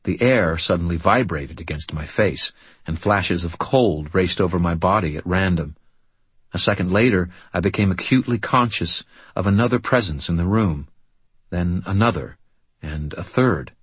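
Man, audiobook narration, very low voice, husky, steady and understated. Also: moderate pace, no echo. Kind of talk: first-person audiobook narration.

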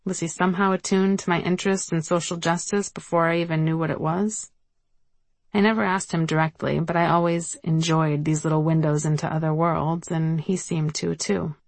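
A woman's voice: low-pitched, fairly even intonation, moderate pace, vocal fry, dry recording. A woman reading her own memoir aloud in a wry storytelling manner. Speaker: memoir narrator. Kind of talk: audiobook narration.

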